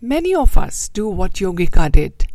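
A woman host reading a children's story aloud, then giving a gently moralizing talk to listeners. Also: mid-range voice, no room sound, poor audio. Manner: slow, expressive, gently moralizing.

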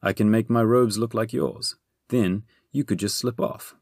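A man's voice: on the low side, steady tone, measured pace, vocal fry, a little mellow, no room sound, studio quality, voice pushed up. Dipple, a man doing a cheeky scheming young hero. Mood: breezy. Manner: chatty, upbeat.

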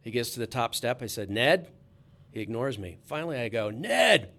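A man's voice: medium pitch, brisk, fairly bright tone. A man, a sports reporter, telling a casual anecdote in a chatty, easygoing way with frequent restarts.

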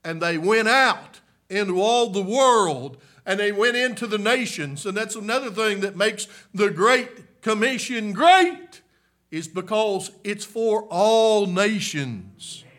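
A man preaching a revival sermon, swinging from hushed murmurs to shouted peaks and coming back again and again to a "my, listen, friend" refrain. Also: sits high, expressive, slow pace.

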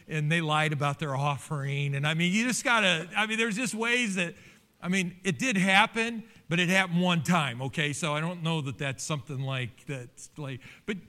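Animated middle-aged man preaching a sermon. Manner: animated preaching with pitch leaps and personal storytelling. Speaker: pastor.

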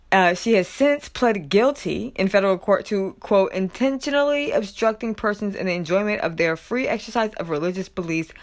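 Reading news stories aloud for casual commentary, this woman vlogger chats loosely with lots of fillers and side comments. Her voice sits slightly low for a woman, jumping up loudly and animatedly on quotes, with laughter mixed in.

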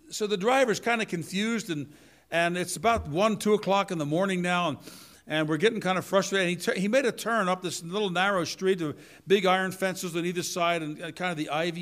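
An older man delivering a church sermon with a somewhat high voice. He preaches in a folksy, animated manner, swinging from quiet asides to loud declarations. He often turns straight to the congregation.

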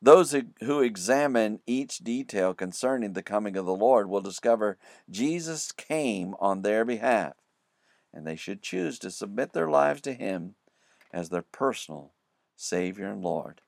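A man's voice: on the low side, animated, a little slow, vocal fry, a little mellow, no echo. A man teaching a verse-by-verse Bible study, praying and then explaining each word of the scripture in turn.

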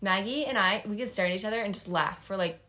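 A woman's voice: medium pitch, fast, bright, forceful tone. A young woman co-hosting a podcast in casual chat, rambling with lots of fillers and giggles. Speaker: podcast co-host.

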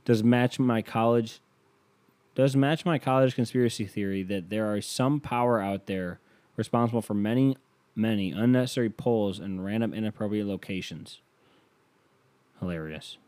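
A man's voice: on the low side, moderate pace, a little mellow, no echo. A man hosting a podcast, chatting sarcastically about the news and swearing casually, then doing a playful sponsor read. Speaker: podcast host.

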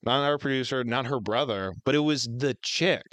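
A man's voice: mid-range voice, moderate pace, fairly bright tone, dry recording. A man co-hosting a podcast, telling a long story in casual chat with lots of fillers and swearing. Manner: rambling, heavy on fillers and swearing. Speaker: podcast co-host.

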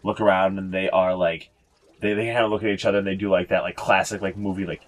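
A man's voice: low-pitched, little pitch movement, fast. A man acting as game master, narrating a tabletop game casually with lots of fillers and casual swearing.

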